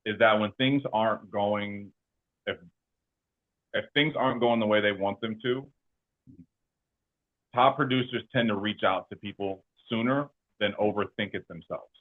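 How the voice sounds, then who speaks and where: A man's voice: on the low side, unhurried, long pauses. Man on a tinny call line, coaching. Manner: coaching tone, checks in with "okay?" and "makes sense?". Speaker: insurance agency owner. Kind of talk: interview guest.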